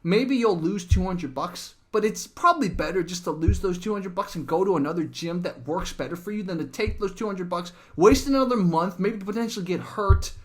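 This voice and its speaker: A man hosting a casual interview over a call, talking in an animated, rambling way with plenty of fillers. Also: high-pitched, a little fast, hardly any pauses. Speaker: host.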